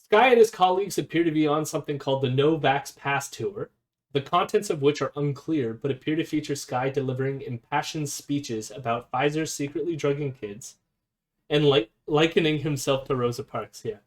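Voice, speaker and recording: A man's voice: fairly high pitch, moderate pace. A man hosting a casual live stream, reading an article aloud and commenting with fillers and self-corrections. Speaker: streamer host.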